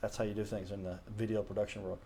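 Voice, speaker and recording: A man's voice: lowish voice, flat delivery, fast talker, gravelly, warm tone, slightly rough. Man, show host, casual talk to camera, rambling, earnest, self-correcting, home studio. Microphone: camera mic, self-recorded.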